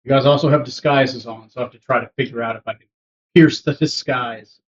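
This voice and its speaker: A man's voice: medium pitch, fairly even intonation, a little fast, a little hiss or hum. A man narrating a tabletop game as game master, rambling with many fillers. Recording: dull lo-fi recording.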